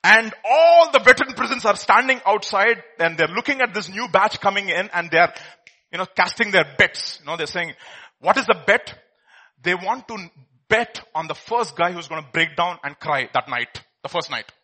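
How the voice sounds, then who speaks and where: Husky-voiced preacher swinging hushed to loud. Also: male voice, high voice, lively intonation, moderate pace. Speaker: pastor. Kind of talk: sermon.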